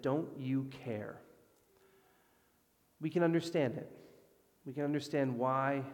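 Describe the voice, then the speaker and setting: A man preaching a sermon, animated, moving between loud emphasis and hushed, calm passages. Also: medium pitch. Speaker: pastor. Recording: long hall reverb.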